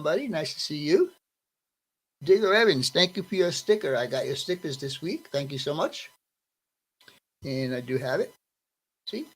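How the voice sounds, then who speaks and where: A man's voice: mid-range voice, slightly rough, low-quality recording. A man hosting a live stream, greeting his viewers one by one by name in a friendly, casual way. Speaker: livestream host greeting chat. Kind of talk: casual livestream chat.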